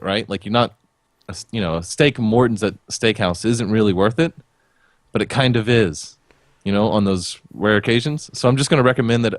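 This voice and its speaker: A man's voice: mid-range voice, no echo, clean studio sound. A man co-hosting a gaming podcast, chatting casually and bluntly, swearing freely. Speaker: podcast co-host.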